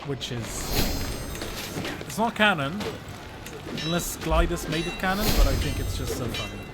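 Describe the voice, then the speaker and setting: A man's voice: a little high, big pitch swings, normal speed, over loud music. A man streaming a strategy game, joking and chatting with his viewers in casual commentary.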